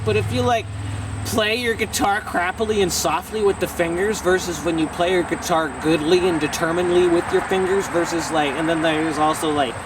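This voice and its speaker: Shouty high-voiced young man outdoors. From Ontario, Canada. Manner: loud, shouty and excitable, swearing casually. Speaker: musician answering fan questions. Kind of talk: casual vlog Q&A. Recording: distant mic with street noise.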